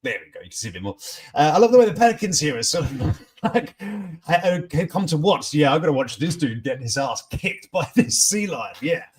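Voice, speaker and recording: Husky, lively man hosting chat. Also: a little high, brisk. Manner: chatty, jokey, reacts to viewer comments. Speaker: host of a morning news chat stream. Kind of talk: casual live chat reading news and comments.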